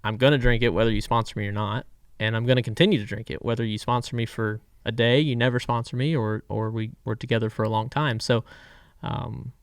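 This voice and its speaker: A man in his thirties from Florida, a guest driver telling stories in a relaxed, candid way with frequent trailing pauses. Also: mid-range voice, no echo, clean studio sound. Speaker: guest race car driver. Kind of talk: casual storytelling.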